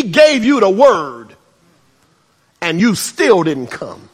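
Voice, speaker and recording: A man preaching a sermon, swinging between shouts and hushed asides and adding humorous remarks. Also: high-pitched, sing-song, slow pace, long pauses, breathy edge. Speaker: pastor. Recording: reverberant hall.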